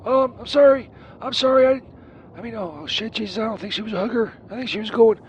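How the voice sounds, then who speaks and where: High-voiced sleazy saint peter, a guy doing the bit, rambling and swearing outside with loud traffic behind. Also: quick pace, muffled recording, close to an everyday voice. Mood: flustered. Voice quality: rambling, profane, full of ums and uhs. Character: crude sleazy Saint Peter, a grown man. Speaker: caller on the show. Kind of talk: comedic phone-in bit. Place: outdoors near a church. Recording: noisy street with passing vehicles.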